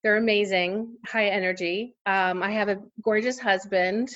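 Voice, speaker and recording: A woman's voice: mid-range voice, steady tone, moderate pace, a bit bright, muffled recording. A woman in her forties, a podcast guest, telling a personal story in casual interview chat with lots of fillers and laughter. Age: 40s.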